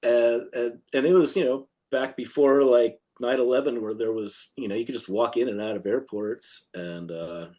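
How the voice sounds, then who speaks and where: A man's voice: mid-range voice, fairly even intonation, moderate pace, hardly any pauses, warm tone. A man, a punk guitarist guest, telling a long road story in a rambling, casual way, laughing often and acting out quotes.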